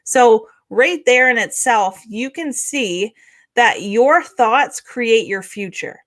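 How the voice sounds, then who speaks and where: Steady woman podcast co-host. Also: on the high side, takes it slowly. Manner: steady, explanatory, many "right?" tags. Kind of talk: casual motivational chat.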